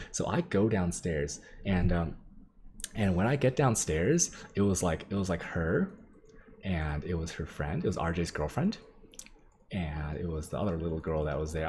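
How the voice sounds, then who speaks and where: A man's voice: low-pitched, slight background noise. A man streaming from home, telling a casual, rambling story to his chat, full of swearing and filler words. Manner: rambling, profane, lots of "like" and "um"; sketches while he talks, addressing chat. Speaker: game streamer.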